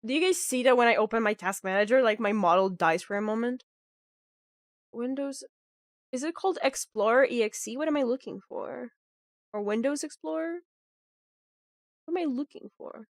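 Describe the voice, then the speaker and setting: A fairly high-voiced woman chats with her stream while playing, her voice nasal and stuffed up from being sick. She rambles in an animated way, leaning on fillers. The sound is dry, with no room around it. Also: moderate pace, long pauses, no room sound. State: sick, nasal with a clogged nose. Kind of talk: casual live-stream chat.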